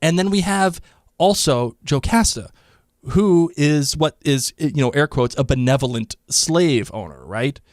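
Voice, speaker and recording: A man co-hosting a casual podcast chat about a TV episode, talking in an animated way and slipping into quick character voices. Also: on the high side, no echo, clean studio sound. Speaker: podcast co-host.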